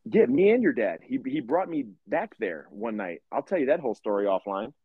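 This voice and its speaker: A man's voice: mid-range voice, brisk, husky, no room sound, phone-quality sound. A young man co-hosting a podcast, telling rambling, profane stories in casual chat. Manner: profane, rambling, animated storyteller. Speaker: podcast co-host.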